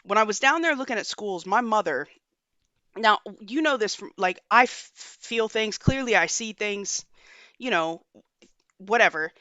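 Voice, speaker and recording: A young woman hosting a podcast, telling a story in a casual, animated way and cursing freely. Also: mid-range voice, a little slow, dry recording, highs cut off. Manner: animated, profane storytelling with slang. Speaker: podcast host.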